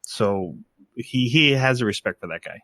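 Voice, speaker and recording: A man co-hosting a podcast, chatting casually and retelling scenes in an animated way. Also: mid-range voice, moderate pace, dry recording. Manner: animated, retells scenes with quoted voices and laughs. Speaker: podcast co-host. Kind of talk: casual chat.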